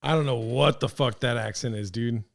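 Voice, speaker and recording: A man's voice: medium pitch, moderate pace, creaky. A man streaming for hours, reacting to clips with dry, sarcastic, rambling talk.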